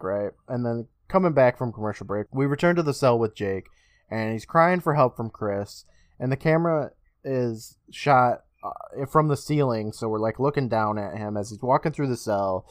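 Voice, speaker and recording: A man co-hosting a podcast, recapping an episode in animated storytelling style, laughing often and swearing casually. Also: mid-range voice, normal speed, no echo, studio quality. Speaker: podcast co-host.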